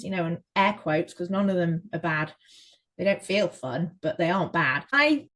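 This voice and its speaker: A woman from England, a photographer, talking casually as a podcast guest and telling her story in a lively way with plenty of fillers. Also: fairly high pitch, poor audio.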